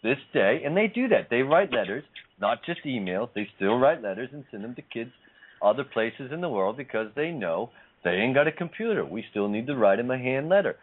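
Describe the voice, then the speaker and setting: A man's voice: medium pitch, very animated, fairly quick. A man hosting a casual spiritual talk show, speaking emphatically and repeating his phrases for effect. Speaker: host. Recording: tinny phone-line sound.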